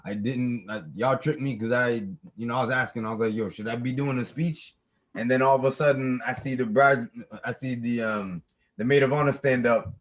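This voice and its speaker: A man's voice: mid-range voice, steady tone, fairly quick, low-quality recording. Young man rambling in casual chat. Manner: rambling, many restarts and repeated words. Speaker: podcast co-host.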